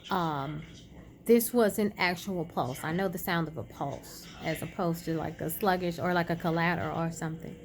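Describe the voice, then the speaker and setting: A woman vlogger casually retelling a personal story, chatty and animated, acting out quoted dialogue. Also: lowish voice, normal speed. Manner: many fillers and restarts.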